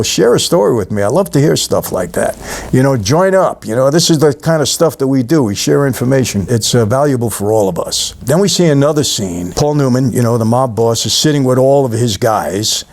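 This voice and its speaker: Speaking to camera with vocal fry and a medium, slightly mellow voice, a middle-aged New York channel host walks viewers through a movie one scene at a time. It's a casual, conversational recap, punctuated by asides aimed straight at the audience.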